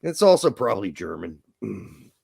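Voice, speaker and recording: Loud, rambling Midwestern man. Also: lowish voice, very animated, moderate pace, creaky, husky, dry recording, studio quality. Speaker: podcast co-host. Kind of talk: casual chat.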